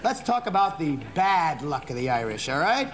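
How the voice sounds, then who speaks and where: An actor playing a loud, abrasive middle-aged barroom comic who rants and laughs at his own jokes in a comedy sketch. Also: fairly high pitch, sing-song, normal speed, noisy background. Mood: ranting. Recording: old broadcast clip, roomy with studio audience.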